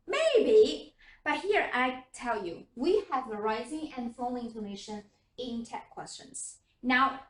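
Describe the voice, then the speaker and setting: High-voiced woman teaching in an echoey classroom. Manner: questioning, prompting students, demonstrating intonation. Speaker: English teacher. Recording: echoey room from far off.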